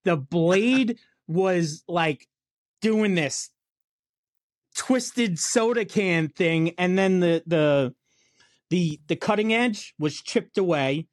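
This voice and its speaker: A man with a high-pitched voice trades blunt, profane work stories in loose, casual chat. The sound is close and dry, with no room around him. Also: drawn-out words, no echo. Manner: profane, storytelling, blue-collar banter.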